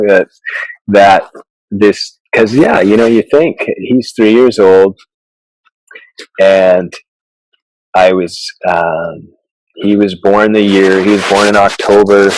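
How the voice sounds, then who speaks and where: A man, a chiropractor, telling stories in a casual interview, halting with many restarts and fillers. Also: fairly low pitch, a little mellow, no echo, low-quality recording. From Canada. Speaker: chiropractor guest.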